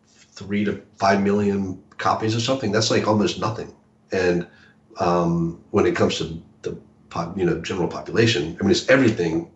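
A male author talking casually as an interview guest, halting with many restarts and fillers. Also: low-pitched. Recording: echoey room, dull lo-fi audio.

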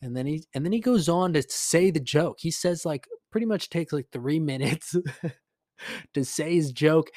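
A young man hosting a podcast, telling a story casually with lots of swearing, fillers and animated retelling. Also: a little high, normal speed, no echo, clean studio sound. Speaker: podcast host.

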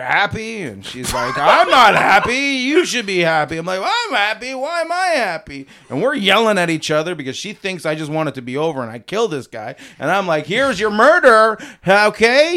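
A man plays a blustery, simple-minded husband in an improvised comedy interview. His bright, forceful voice rises and falls widely while he rambles defensively and laughs between his excuses. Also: on the high side. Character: simple-minded beer-selling suburban husband.

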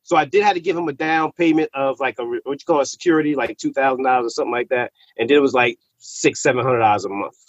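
A man telling a personal story in casual, profane slang, animated and repeating words when he gets worked up. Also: medium pitch, fast talker, few pauses, no room sound. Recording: slightly muffled recording.

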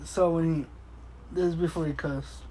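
A man's voice: fairly high pitch, fairly even intonation, normal speed, mellow, slight background noise, poor audio. A young man telling a story in casual chat, profane and laughing often. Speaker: podcast co-host.

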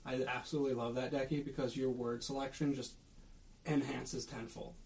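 Young man, Minnesotan accent, podcast co-host, storytelling, mid pitch. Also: little pitch movement, a little fast, a little mellow. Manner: storytelling, acts out coworkers' voices. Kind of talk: casual chat.

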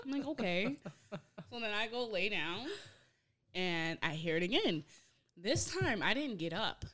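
A young woman telling a story in casual chat, animated and profane, acting out her own reactions. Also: mid-range voice. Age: young adult. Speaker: podcast host.

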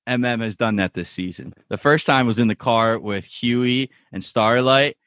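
A man's voice: mid-range voice, normal speed, no echo. A man co-hosting a podcast, casually retelling TV scenes and acting out quotes. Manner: animated storyteller, retells scenes with quoted voices. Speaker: podcast co-host. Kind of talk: casual TV recap chat.

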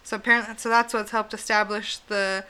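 A woman's voice: mid-range voice, flat delivery, a little fast, sharp tone, smooth. A woman hosting a casual podcast, telling a spooky legend in a chatty way, swearing freely and laughing often. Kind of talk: casual chat.

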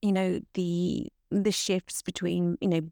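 A woman's voice: fairly low pitch, level tone, unhurried, creaky, warm tone, no room sound, studio quality. A woman hosting a podcast, talking in a reflective, thoughtful way. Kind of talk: casual podcast chat.

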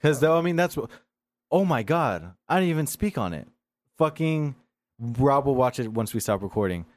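A man's voice: mid-range voice, very animated, normal speed, darkish tone, no room sound. A man hosting a podcast in casual chat, rambling and laughing as he talks. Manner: rambling, laughing film talk. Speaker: podcast host.

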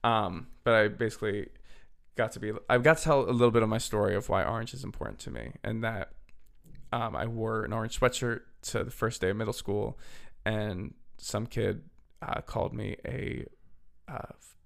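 A young man with a low, gravelly voice tells a story on his podcast in a loose, chatty way. He leans on "like" and "literally" as he goes, and his voice sounds a little worn and hoarse. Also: normal speed. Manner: chatty, filler-heavy, "literally" and "like". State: slightly hoarse, losing his voice. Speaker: podcast host. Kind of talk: casual storytelling.

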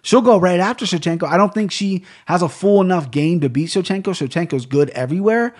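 A man's voice: high voice, fairly quick, a little mellow. A man hosting a casual MMA podcast, blunt and profane, rambling through fight picks with lots of restarts. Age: adult with a young daughter. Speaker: podcast host.

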